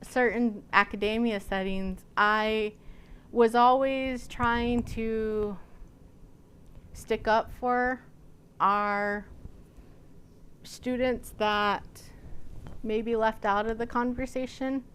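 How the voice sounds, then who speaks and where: A woman's voice: on the high side, steady tone, drawn-out words, long pauses, fairly bright tone, smooth. A woman from Nebraska giving a lecture as a college student services coordinator. She tells personal stories in a conversational way, with frequent fillers. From Nebraska, United States. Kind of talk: storytelling lecture.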